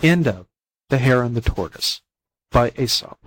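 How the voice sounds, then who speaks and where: A man reading fables aloud as a volunteer audiobook narrator, in plain, even storytelling. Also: medium pitch, normal speed, low-quality recording.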